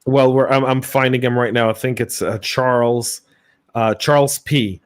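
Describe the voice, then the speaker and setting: A man's voice: medium pitch, steady tone, moderate pace. A man with a Southern US accent co-hosting a live podcast, chatty and casual, often stammering on restarts. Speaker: podcast co-host.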